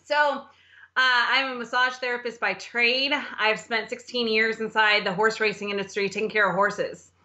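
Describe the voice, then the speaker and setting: A middle-aged woman, a podcast guest, telling her story in an animated way, often laughing and acting out quotes. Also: fairly high pitch, moderate pace, dull audio. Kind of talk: casual storytelling interview.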